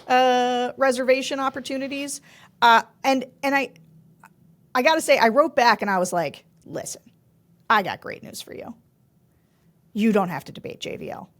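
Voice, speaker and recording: Animated chatty woman podcast host. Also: high voice. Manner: chatty, animated storytelling with laughs. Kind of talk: casual political chat.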